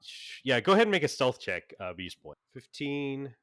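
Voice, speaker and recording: A man's voice: mid-range voice, big pitch swings, normal speed, a bit bright, no room sound, clean studio sound. A man running a tabletop game as game master, narrating in a rambling way full of fillers and restarts.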